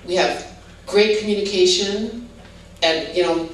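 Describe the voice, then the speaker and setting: A woman's voice: on the low side, measured pace. An older woman from Hawaii, telling her testimony in a rambling, casual way full of "you know" and restarts. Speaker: guest giving a testimony. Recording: roomy, distant mic with faint background noise.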